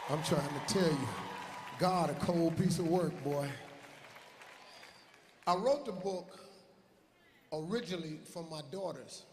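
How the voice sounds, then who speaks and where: Loud, shouting middle-aged comedian. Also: male voice, on the high side, unhurried, long pauses, a faint crowd, a little hiss or hum. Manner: loud, profane, often shouting. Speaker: stand-up comedian. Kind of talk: stand-up comedy storytelling.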